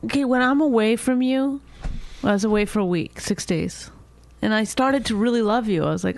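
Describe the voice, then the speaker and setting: A woman's voice: on the high side, normal speed, creaky, darkish tone. A woman co-hosting a podcast, rambling and complaining in casual chat, swearing freely. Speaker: podcast co-host.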